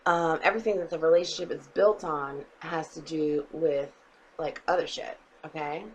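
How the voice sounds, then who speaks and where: A woman's voice: deep voice, steady tone, normal speed, a little hiss or hum, low-quality recording. A woman giving a casual tarot reading to her viewers, blunt and emphatic, swearing freely and often checking in with "okay?". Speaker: tarot reader.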